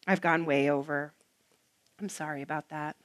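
A woman preaching a sermon, earnest and emphatic, with rhythmic repetition and some soft, hushed passages. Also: sits low, steady tone, moderate pace.

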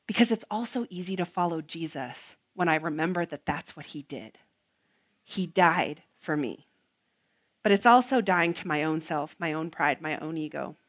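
A woman preaching a sermon, earnest and emphatic, with rhythmic repetition and some soft, hushed passages. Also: low-pitched, animated, moderate pace.

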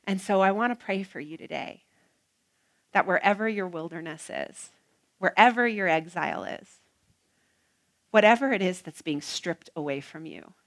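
A woman preaching a sermon, earnest and emphatic, with rhythmic repetition and some soft, hushed passages. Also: lowish voice, moderate pace, long pauses.

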